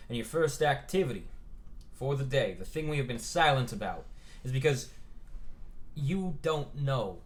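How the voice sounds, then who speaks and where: A man voicing a formal Southern gentleman school leader with a Southern US accent, giving a drawn-out ceremonial speech. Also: medium pitch, close to an everyday voice.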